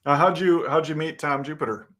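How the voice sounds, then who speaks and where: A man's voice: on the high side, fairly quick, fairly bright tone. A man hosting a casual chat show in an easygoing way, laughing often and restarting his sentences. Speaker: host.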